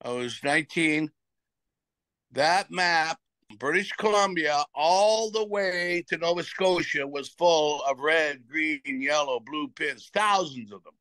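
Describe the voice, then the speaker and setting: A man's voice: a little high, slow pace, bright, forceful tone, no echo. A man in his seventies, a retired hockey player, telling stories in an interview with a rambling, repetitive way of talking. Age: 70s. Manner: rambling, repeats himself, acts out quotes. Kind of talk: casual storytelling in an interview.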